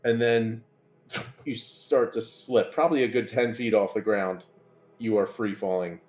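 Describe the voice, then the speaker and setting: A man's voice: fairly low pitch, fairly even intonation, measured pace, darkish tone, faint music behind. A man running a tabletop horror game as game master, narrating in a loose, chatty way.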